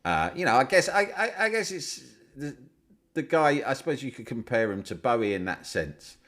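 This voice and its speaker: A middle-aged man from Britain, a podcast guest, telling stories in casual chat, swearing freely and loudly mimicking other people. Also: medium pitch, moderate pace. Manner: animated storyteller, swears freely, mimics his brother loudly.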